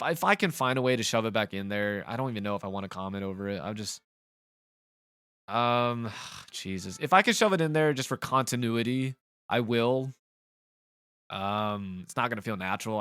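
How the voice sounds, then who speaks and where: A man giving let's play commentary in a frustrated, rambling, halting way from a home gaming setup. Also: lowish voice, fairly bright tone, clear, resonant tone, no echo, studio quality. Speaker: gaming channel host.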